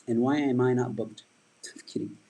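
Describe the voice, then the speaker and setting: Husky guy rambling on his livestream, reading comments, chatty. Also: mid-range voice, steady tone, normal speed, mellow, low-quality recording. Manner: rambling, chatty, reads and answers viewer comments. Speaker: livestream host and stand-up comedian. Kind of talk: casual livestream chat.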